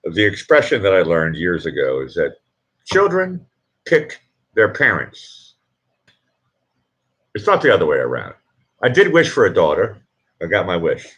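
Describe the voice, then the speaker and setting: A man's voice: low voice, wildly swooping pitch, a little fast, a bit bright, highs cut off. A middle-aged man hosting a casual live stream, chatting with viewers in a rambling, self-interrupting way and chuckling at his own jokes. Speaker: livestream host.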